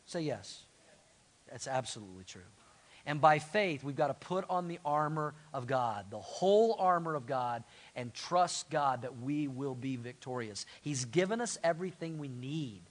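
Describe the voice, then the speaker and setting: A middle-aged man preaching a sermon as pastor, animated and asking the congregation to answer back. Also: medium pitch, moderate pace. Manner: animated, call-and-response with congregation.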